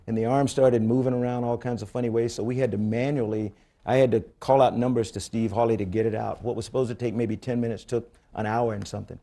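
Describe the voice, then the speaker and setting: An older man with a creaky, dark, medium-pitched voice speaks at a quick pace with fairly even intonation. He is a space agency head answering audience questions at a public forum in a conference room. His conversational replies are blunt and candid, and his stories often restart.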